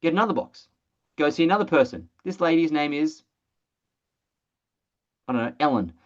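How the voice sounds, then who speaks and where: A presenter running an energetic sales training webinar over a video call, blunt and excitable, swearing casually. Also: mid-range voice, normal speed, muffled recording.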